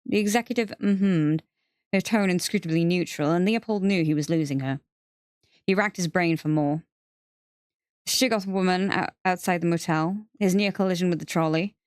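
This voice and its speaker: A woman's voice: on the low side, normal speed, a little mellow, clear, resonant tone, no room sound, studio quality. Woman narrating an audiobook. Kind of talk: audiobook narration read on a livestream.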